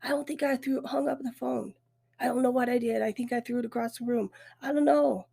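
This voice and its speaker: A middle-aged woman hosting a podcast, telling her own story in a halting, emotional way, her voice thick with tears. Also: fairly high pitch, fairly even intonation, gravelly, dark tone, breathy edge. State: weepy. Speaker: podcast host. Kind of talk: personal storytelling.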